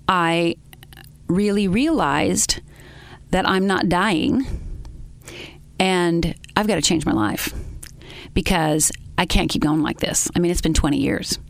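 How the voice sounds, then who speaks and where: A woman interview guest telling her personal story in an earnest, halting way, with many pauses. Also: lowish voice, no echo.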